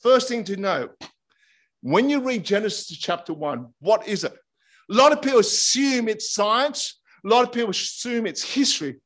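A middle-aged man preaching a sermon in a lively, chatty way, drawing his congregation in. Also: high-pitched, normal speed. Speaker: pastor.

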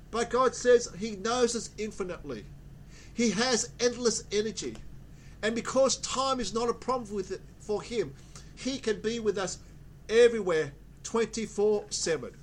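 Male preacher, high voice, emphatic sermon delivery with repeated key words. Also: normal speed, slight background noise.

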